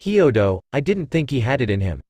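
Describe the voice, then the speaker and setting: A man's voice: mid-range voice, big pitch swings, a little fast, warm tone, dry recording. A man reading as a cool, detached young fighter. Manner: cool, matter-of-fact.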